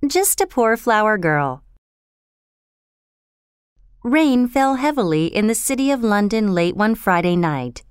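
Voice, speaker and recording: A woman narrating a storybook chapter in a measured, expressive reading. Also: medium pitch, smooth, no room sound, studio quality.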